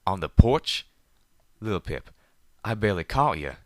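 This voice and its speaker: A man voicing a gruff, hot-tempered but protective male pegasus with a drawl, scolding loudly. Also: on the low side, sing-song, measured pace, no room sound, studio quality. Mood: angry.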